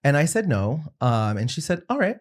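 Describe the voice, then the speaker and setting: Animated man telling a personal story. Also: mid-range voice, moderate pace. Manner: animated storyteller acting out quotes. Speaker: podcast guest. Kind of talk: storytelling in a casual conversation.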